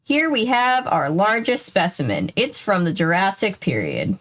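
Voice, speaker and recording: A woman doing a measured museum professor. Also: medium pitch, sing-song, a bit bright. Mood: explaining. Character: patient male museum professor, dry and proper.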